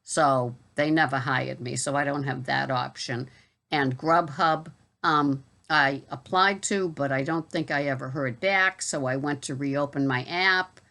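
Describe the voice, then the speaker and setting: A woman's voice: deep voice, a bit bright. A woman with a Boston accent, vlogging about her gig delivery work in a chatty, wry way with exasperated asides. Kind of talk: casual talk to camera.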